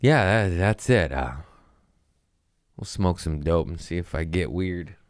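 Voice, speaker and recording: A man's voice: low-pitched, lively intonation, a little slow, smooth, dry recording, clean studio sound. A male comedian hosting a podcast, telling stories in a loose, profane, casual way and acting out the lines of the people in them. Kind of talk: casual storytelling monologue.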